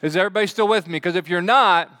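Pastor, male, sermon in a church; fairly high, smooth voice, chatty with the congregation. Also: rapid-fire, pushed and bright. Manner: chatty, asks the congregation questions. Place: church sanctuary.

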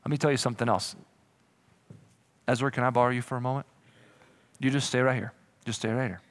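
A man preaching a sermon as pastor, lively, slipping into comic voices for imagined people. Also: mid-range voice, fast talker. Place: church.

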